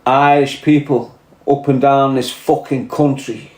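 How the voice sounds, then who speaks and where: A Scouse man holds forth in a heated, profane monologue, hammering his points home bluntly. His voice sits at an ordinary middle pitch, and it rings around a roomy, echoey space. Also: flat delivery, measured pace, a little mellow. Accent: Liverpool (Scouse). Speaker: podcast host. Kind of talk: impassioned monologue to camera.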